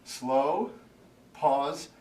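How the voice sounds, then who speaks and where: Slow-talking trainer in a roomy gym. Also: male voice, fairly high pitch, recorded from a distance, background noise. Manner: loud counted cues, then calmer explaining. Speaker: fitness trainer. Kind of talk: workout instruction. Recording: roomy echo, from off-mic.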